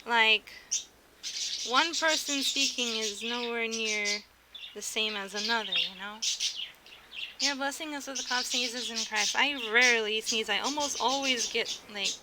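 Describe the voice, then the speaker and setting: A young American woman streams in a fairly high, unhurried voice, chatting and giggling. Her sentences often break off and begin again, and there's clear background noise.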